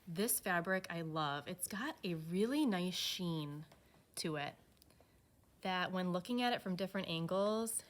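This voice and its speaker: A woman giving an enthusiastic, relaxed walkthrough of furniture fabric pairings. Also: lowish voice. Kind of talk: product walkthrough.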